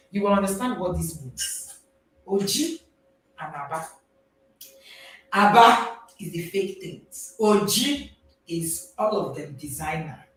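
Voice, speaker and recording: A woman with a Nigerian accent, a parenting coach speaking to a live audience in an animated way, often laughing and checking in with listeners. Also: medium pitch. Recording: very echoey, distant mic.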